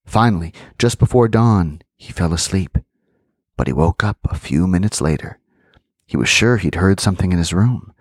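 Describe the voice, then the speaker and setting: A man with a fairly low voice reading a spooky folk tale aloud, lively in his delivery and breaking off for casual asides. The recording is close and dry. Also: moderate pace, dry recording. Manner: animated storytelling with chatty asides. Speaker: podcast host and storyteller.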